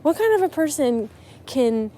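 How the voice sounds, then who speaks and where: Mellow-voiced chatty woman podcaster. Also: high voice, sing-song, measured pace, slight background noise. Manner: chatty and emotional, with frequent restarts. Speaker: podcast host on writing. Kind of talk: casual solo podcast talk.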